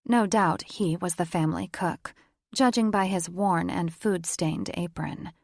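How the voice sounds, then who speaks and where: Narrating a romance audiobook from a script, this woman has a fry-tinged, gravelly voice pitched a touch low. She keeps an even, measured pace, captured in a close, dry recording.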